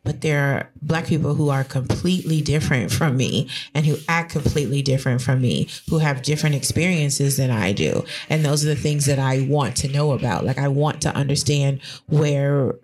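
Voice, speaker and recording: A woman's voice: a bass voice, moderate pace, few pauses, a little mellow. A woman guest in a candid interview, talking in a frank, blunt way with casual swearing and plenty of fillers. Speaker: guest, graphic designer.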